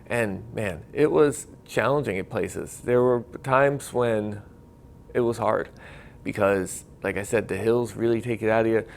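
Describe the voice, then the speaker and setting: A man telling the story of running a marathon in a casual vlog, enthusiastic and getting loud and excited when he retells the cheering crowd. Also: fairly low pitch, a little slow, gravelly, a little hiss or hum. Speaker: marathon runner telling his race story.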